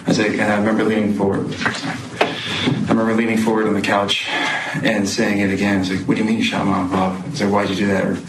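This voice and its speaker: A man testifying as a witness in court, speaking haltingly with many pauses and fillers. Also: on the low side, completely flat delivery. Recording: echoey noisy courtroom audio.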